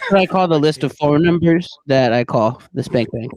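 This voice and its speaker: A man's voice: a little high, expressive, moderate pace, darkish tone. A man hosting a podcast, joking around with crude banter in casual chat. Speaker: podcast host.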